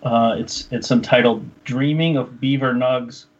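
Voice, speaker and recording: A man's voice: mid-range voice, fairly even intonation, unhurried, breathy edge, lo-fi sound. A man co-hosting a casual podcast, reading a mock-serious comic poem aloud and breaking into laughter between lines. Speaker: podcast co-host.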